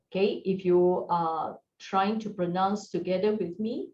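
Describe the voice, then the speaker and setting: A woman teaching a beginners' Mandarin lesson, gentle and encouraging, often checking in with her learners. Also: mid-range voice, animated, a little slow. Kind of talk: slow, patient language lesson. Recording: roomy, distant, dull sound with faint hiss.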